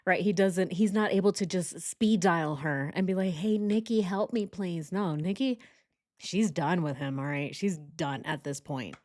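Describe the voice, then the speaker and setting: Chatty woman with a lower voice. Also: normal speed, darkish tone. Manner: chatty and joking, laughs often. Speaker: true crime commentator. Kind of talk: casual video commentary.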